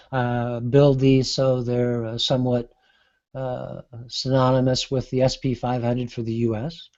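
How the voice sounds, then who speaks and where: A man giving an unscripted software demonstration, thinking aloud with frequent pauses and fillers. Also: mid-range voice, lo-fi sound. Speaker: market analyst demonstrating software. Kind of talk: unscripted screen-share demo.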